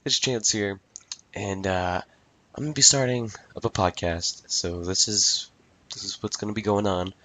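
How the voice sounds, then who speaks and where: A young man in his late teens rants into a microphone on his own casual solo podcast, exasperated and swearing freely while repeating "I tell you what" and "ridiculous." His voice is fairly low and sharp at normal speed, with no room sound.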